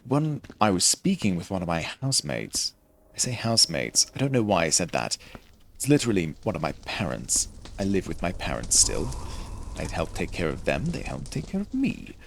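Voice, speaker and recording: A man's voice: low-pitched, sing-song, normal speed, gravelly. A young man streaming a game, rambling in a self-deprecating, jokey way with a mild faux British-Australian lilt. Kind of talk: rambling gameplay commentary.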